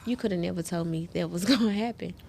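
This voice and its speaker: A woman's voice: on the low side, quick pace, creaky, darkish tone, husky. A woman sharing her personal story as a guest in an interview, earnest and heartfelt, often turning to speak straight to the listeners.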